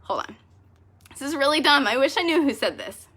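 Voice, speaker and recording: A woman's voice: sits high, animated, fairly quick, pushed and bright. A woman leading a direct sales team, talking casually to her team in a vlog. She is choked up and tearful, laughing at herself through the tears. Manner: emotional, self-deprecating, laughing through tears. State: tearful, choking up.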